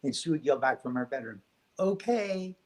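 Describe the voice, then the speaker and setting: A man speaking as a guest on a spiritual talk show, telling stories in a gentle, reflective way. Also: mid-range voice, steady tone, fast talker, low-quality recording.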